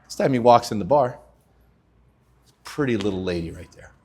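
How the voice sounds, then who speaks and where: A man hosting a casual chat, an animated storyteller who laughs often. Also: lowish voice, moderate pace, husky. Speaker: podcast host. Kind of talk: casual chat with joke telling.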